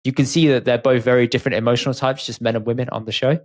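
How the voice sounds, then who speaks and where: This podcast co-host is a man with a medium-pitched voice who talks very fast with fairly even intonation. He chats casually and opinionatedly, often acting out what other people said.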